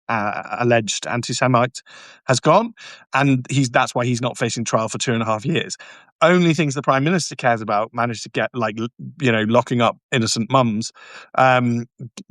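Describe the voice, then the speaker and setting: A man at a middle pitch holds forth on a live stream, emphatic and mocking, tripping over his words and restarting as he goes. The sound is dry and close, with no room around it. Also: fairly bright tone, no room sound. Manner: emphatic, repetitive, stumbles and restarts often; mocking, sarcastic asides. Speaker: barrister hosting a live stream. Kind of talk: live stream talk answering viewer comments.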